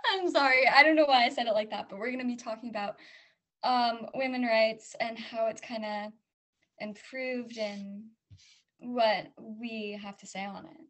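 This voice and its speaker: A woman's voice: fairly high pitch, fairly even intonation, normal speed, a bit bright. A woman co-hosting a podcast in casual chat, hesitant and self-conscious, often trailing off. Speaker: podcast co-host.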